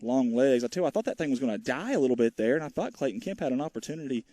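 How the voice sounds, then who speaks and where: A man's voice: medium pitch, animated, racing, dark tone, no room sound. Folksy man calling a ball game. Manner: chatty, joking, rambling asides to viewers. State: out of breath. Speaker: play-by-play commentator. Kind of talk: folksy live baseball commentary. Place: outdoors at a small-town ballfield.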